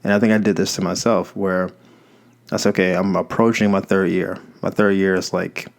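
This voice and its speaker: A young man with a lowish voice talks through his thoughts in a relaxed, rambling monologue. He corrects himself as he goes and keeps the tone conversational, like a host speaking straight to listeners. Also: moderate pace, creaky. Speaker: podcast host. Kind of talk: casual reflective monologue. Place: Los Angeles.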